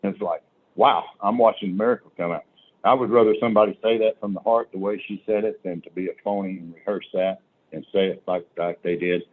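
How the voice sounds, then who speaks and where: Man telling recovery stories, low voice, salty and blunt, tinny phone-line sound. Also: steady tone, fast talker. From Oklahoma. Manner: blunt, salty, acts out quoted dialogue. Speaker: recovery workshop speaker. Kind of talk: folksy storytelling recovery talk. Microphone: video call.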